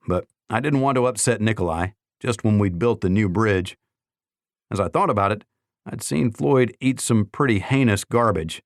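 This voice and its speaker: Male audiobook narrator, low voice, measured first-person storytelling, dry close sound. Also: no room sound.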